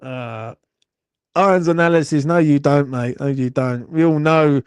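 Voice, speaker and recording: A man's voice: on the high side, a little slow, clean tone, no echo. A young man, hosting a live horse racing watchalong, swearing and grumbling in a rambling way. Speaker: watchalong host.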